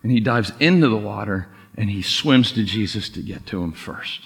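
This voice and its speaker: A man's voice: on the low side, normal speed, creaky. A man preaching a sermon as pastor, telling the story in a casual way. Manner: casual storytelling with lively acted quotes. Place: church sanctuary. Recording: long reverb of a large hall.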